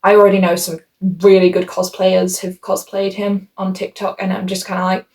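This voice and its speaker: A woman's voice: on the low side, brisk, few pauses. Woman rambling through a book review, chatty and self-mocking, jumps into silly voices for asides. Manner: animated voice shifts for quoted asides. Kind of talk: casual vlog review.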